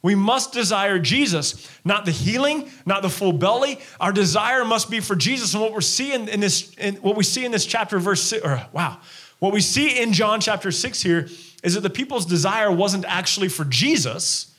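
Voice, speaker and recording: A male pastor preaching a sermon in an animated way, acting out the people he quotes. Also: sits high, moderate pace.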